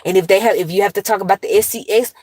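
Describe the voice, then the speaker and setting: A woman in her thirties, a mother of two, talking straight to her viewers in a blunt, cursing, animated commentary rant. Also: medium pitch, very fast, dry recording.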